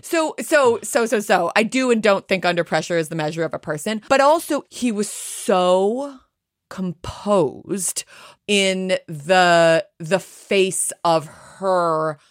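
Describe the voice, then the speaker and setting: An American woman co-hosting a podcast in casual chat, animated and chatty, reading listener messages aloud. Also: mid-range voice, takes it slowly, no echo, clean studio sound. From United States. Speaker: podcast co-host.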